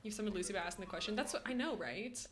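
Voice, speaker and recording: A young woman game streamer chats casually from a room at home, answering her chat with playful slang. She talks rapid-fire at a medium pitch, and the recording has a roomy echo.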